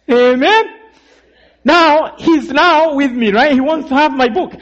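High-voiced preacher telling his story. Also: a little slow. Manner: dramatic storyteller, calls for amens, swings between loud and hushed. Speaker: preacher giving a testimony. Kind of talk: sermon testimony storytelling. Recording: muffled lo-fi recording.

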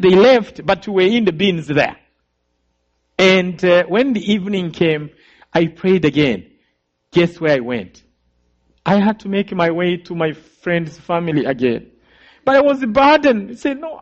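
High, lively Rwandan man telling his story. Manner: earnest, vivid storytelling, addresses listeners directly. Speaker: survivor giving testimony. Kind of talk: personal testimony talk. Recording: slightly dull lo-fi recording.

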